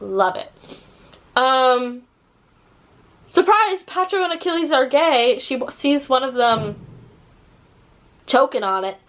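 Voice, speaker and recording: Casual book reviewer, female, slightly high pitch, sardonic and sweary, quotes characters with flair. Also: takes it slowly, pauses often, poor audio. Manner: sarcastic, swears a lot, animated quoting.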